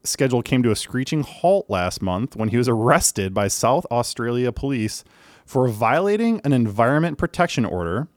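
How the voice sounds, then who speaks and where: Podcast dude rambling, tons of likes and um, swears a lot, mid pitch, dead dry mic. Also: male voice, sing-song, moderate pace, dry recording. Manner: rambling, filler-heavy, swears casually. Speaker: podcast co-host. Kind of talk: casual chat.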